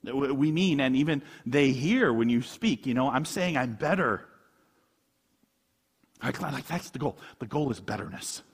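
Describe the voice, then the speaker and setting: A man's voice: mid-range voice, normal speed, hardly any pauses, breathy edge, in a large hall. A man preaching a conversational sermon as a pastor, asking rhetorical questions and chuckling often.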